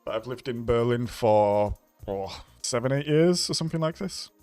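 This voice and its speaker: A man's voice: mid-range voice, expressive, normal speed, a little mellow, no echo, faint music behind. Chatty man streaming. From Bradford, England. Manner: rambling, chatty, laughs often. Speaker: racing game streamer. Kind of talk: casual live-stream chat.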